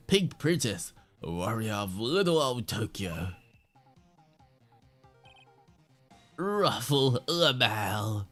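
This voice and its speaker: A man's voice: mid-range voice, fairly bright tone, voice pushed up, heavily acted. Man doing a mumbling nerdy game director. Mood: dramatic. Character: awkward nerdy male film director, sweaty and mumbling.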